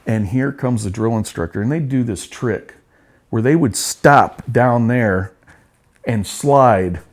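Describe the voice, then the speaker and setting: A man's voice: mid-range voice, unhurried. A middle-aged man, a Marine veteran, telling war stories in a casual interview, blunt and profane with bursts of laughter.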